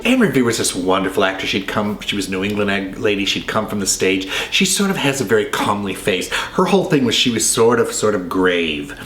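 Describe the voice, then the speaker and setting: A man's voice: lowish voice, expressive, a little fast, hardly any pauses, a bit bright, soft background music. A male host giving casual, enthusiastic film commentary with rambling asides. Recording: roomy echo, faint ambience.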